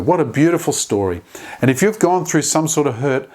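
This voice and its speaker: A man's voice: a little high, lively intonation, fairly quick, darkish tone. Earnest man giving a devotional talk. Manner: earnest, with small slips and restarts. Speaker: host of a short daily devotional. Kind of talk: devotional talk retelling a story.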